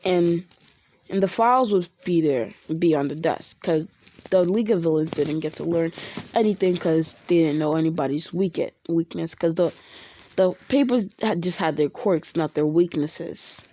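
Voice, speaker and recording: A woman's voice: lowish voice, normal speed, warm tone, dry recording. A woman improvising fan fiction narration in a rambling way, full of restarts and fillers. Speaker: storyteller.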